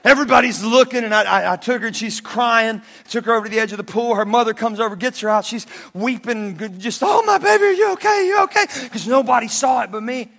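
High bright-voiced male preacher in a hall. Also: fast, vocal fry, few pauses. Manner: animated storytelling, bursts of shouting. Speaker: pastor. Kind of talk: sermon. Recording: long hall reverb.

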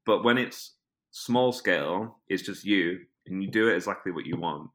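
A British man, an actor and filmmaker, chatting as an interview guest with a rambling, animated way of telling stories and lots of "like" fillers. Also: deep voice, moderate pace. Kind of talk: casual interview chat.

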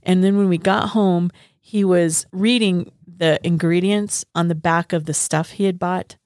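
A woman's voice: fairly low pitch, fairly even intonation, unhurried, a little mellow, no echo, clean studio sound. A woman co-hosting a faith podcast, telling a personal story in a casual, laughing way. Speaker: podcast co-host.

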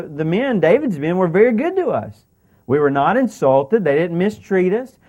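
High-voiced preacher acting out scripture. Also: male voice, highs cut off. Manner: animated, acts out the characters' lines in paraphrase; asks the congregation questions. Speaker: pastor. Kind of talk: sermon.

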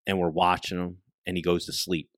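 A man, a guest on a talk show, telling a hunting story in a casual, profane, animated way and often dropping his voice to a hush. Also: sits low, fairly quick, dry recording. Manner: profane, animated storyteller who drops into hushed tones.

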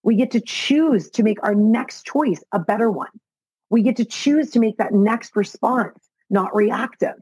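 A woman's voice: a little high, measured pace, darkish tone, slightly rough, no room sound, poor audio. A middle-aged woman hosting a solo motivational podcast, talking earnestly and repeating phrases as she builds to emotional intensity over a video call. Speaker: podcast host.

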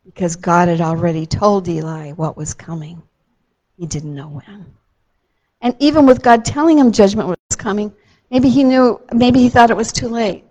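Slow and gentle, a woman narrates a Bible story for a child, stressing the important moments dramatically. Her voice is mid-range and the audio sounds dull.

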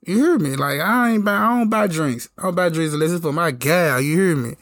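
A hoarse man telling a story in a casual, slangy, laid-back way. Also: fairly high pitch, expressive, a little fast, few pauses, a bit bright, no room sound. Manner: laid-back slangy talk, lots of "you know what I'm saying". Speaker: podcast host telling a story.

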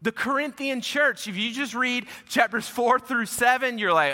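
A man preaching a sermon to a congregation, telling stories in an animated way and swinging between loud and soft. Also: very high voice, moderate pace. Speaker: pastor. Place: church hall with congregation. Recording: echoey hall.

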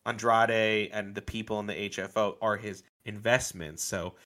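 Another co-host of a casual wrestling review podcast, this man rambles, leans on fillers, and laughs frequently. His lowish voice is steady and moderately paced, with a bright, forceful tone.

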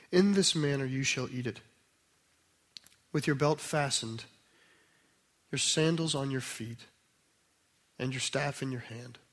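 A man preaching a sermon, explaining scripture in a conversational way, then reading a passage aloud slowly and softly. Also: mid-range voice. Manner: conversational teaching with restarts, slow and soft when reading scripture.

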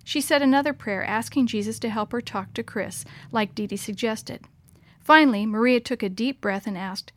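A woman narrating a children's story aloud in a clear, expressive storytelling manner. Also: a little high, moderate pace, no room sound.

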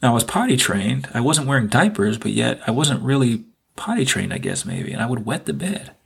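A man's voice: medium pitch, very animated, a little fast, creaky, breathy edge. A man hosting a podcast, telling a personal story in an earnest, reflective way and repeating phrases for emphasis. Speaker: podcast host.

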